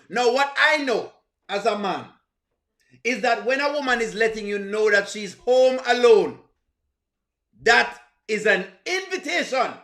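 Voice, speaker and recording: A man's voice: extremely high pitch, sharp tone. A man with a Jamaican accent hosting a live reaction stream, teasing and greeting viewers in the chat. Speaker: livestream host. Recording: echoey room.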